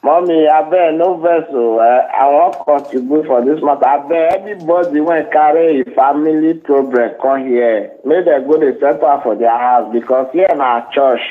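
A man's voice: fairly high pitch, moderate pace, hardly any pauses. A Nigerian man from Benin City, calling in to a live show and politely pleading. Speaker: caller. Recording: tinny phone line.

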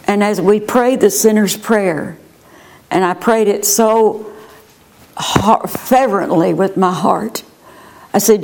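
An older woman sharing a personal testimony as an interview guest, earnest and unhurried. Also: medium pitch, vocal fry, a little mellow. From United States. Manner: slow, earnest storytelling.

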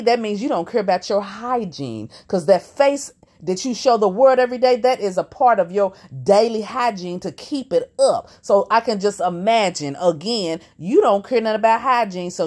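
Woman roasting some guy for her viewers, lively up and down voice, sassy. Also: mid-range voice. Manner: sassy, teasing, talks to viewers as y'all. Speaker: reaction commentator. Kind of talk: mocking reaction commentary.

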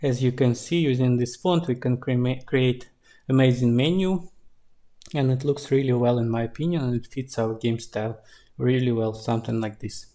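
A man, an indie game developer, narrating a screen-recorded tutorial in a relaxed, explaining way. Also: mid-range voice, normal speed.

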